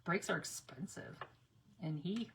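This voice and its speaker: Chatty rambling woman, bright voice. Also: fairly low pitch, animated, a little slow, creaky, a little hiss or hum. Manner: rambling storyteller with laughs and asides. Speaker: crafter. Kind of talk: casual chatty craft vlog.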